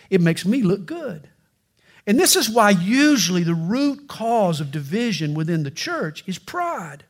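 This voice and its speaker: A male pastor preaching a sermon, with animated storytelling and touches of humor. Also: high-pitched.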